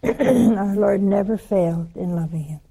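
Southern woman preacher, older, slow and mellow, animated storyteller who hushes for quotes. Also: mid-range voice, vocal fry, husky. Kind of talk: sermon.

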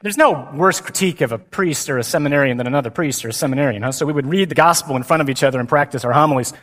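A man, a priest, giving a lively and humorous conference talk with emphatic delivery. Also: medium pitch, very fast, a faint crowd. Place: large hall. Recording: long hall reverb.

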